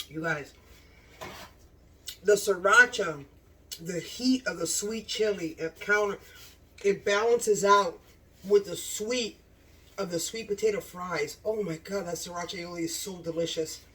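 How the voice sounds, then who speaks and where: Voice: mid-range voice, unhurried, pauses often, bright, forceful tone, far from the mic, a little hiss or hum. A home cooking channel host in a casual cooking vlog, gushing with enthusiasm about the food, recorded in a home kitchen.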